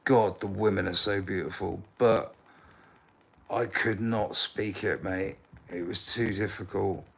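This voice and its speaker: A man from the south of England chats loosely with a viewer on his live stream, halting and calling him mate. His voice is gravelly with a bright edge, and he talks at an unhurried, slow pace. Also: deep voice, fairly even intonation. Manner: rambling, halting, says mate often. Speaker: livestreamer.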